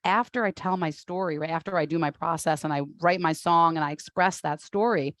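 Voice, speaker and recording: A woman's voice: low voice, fairly quick, no echo. A woman hosting a casual interview, talking animatedly and laughing often. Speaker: host.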